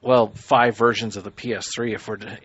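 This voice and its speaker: A man's voice: fairly low pitch, little pitch movement, a little fast, background noise. Man, podcast host, dry wisecracks, moves the talk along, dull lo-fi sound. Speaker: podcast host steering topics. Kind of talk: casual podcast chat.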